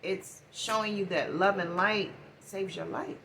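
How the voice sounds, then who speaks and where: A middle-aged woman giving a casual spiritual oracle card reading, talking in a preachy way and swinging between loud bursts and hushed asides. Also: mid-range voice, fairly even intonation, a little slow, hardly any pauses, slight background noise.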